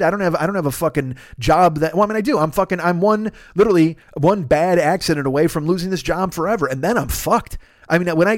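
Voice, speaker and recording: A man's voice: high voice, no echo. A man hosting a solo podcast, ranting in a profane, self-deprecating way into a close mic. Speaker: podcast host. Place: Los Angeles.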